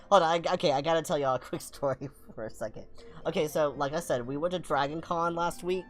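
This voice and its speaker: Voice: mid-range voice, fast, soft background music. A young adult streamer from the American South with a Southern accent, telling a rambling, self-deprecating story and reading game text aloud in a casual let's-play. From Southern United States.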